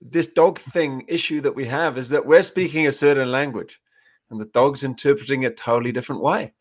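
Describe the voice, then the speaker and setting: A man talking in an interview about training dogs. He tells his stories in a relaxed way, slipping into short acted-out voices. His voice sits at an ordinary, middle pitch. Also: fairly quick. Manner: storytelling, acts out little quoted scenes. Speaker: dog trainer, guest. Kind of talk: casual interview talk.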